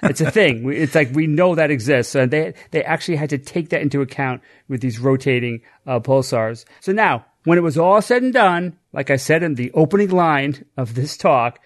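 A man co-hosting a casual science chat, explaining with enthusiasm, slang and frequent restarts. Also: on the high side. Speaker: podcast co-host.

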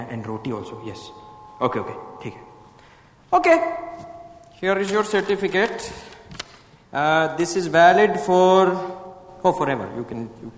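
A man putting on an Indian accent to play a stern, officious male doctor in a stage comedy sketch. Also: high voice. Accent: put-on Indian. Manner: stern, mock-officious, laughing at himself. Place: live stage. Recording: echoey hall, live stage.

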